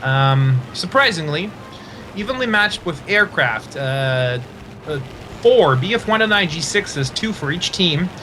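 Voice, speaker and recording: A male esports commentator with a high, bright, forceful voice that jumps with excitement. He calls the action quickly, laughs a lot and fills pauses with fillers. A faint hum sits under his voice. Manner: rapid play-by-play calls. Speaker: tournament commentator.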